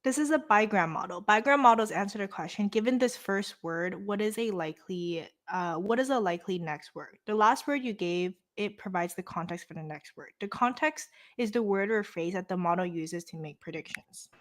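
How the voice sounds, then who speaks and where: A woman's voice: mid-range voice, lively intonation, fairly bright tone. A young woman hosting a casual livestream lesson, reading course text aloud and chatting playfully with her viewers. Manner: playful, chatty, quick asides to chat. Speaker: host leading a live course walkthrough.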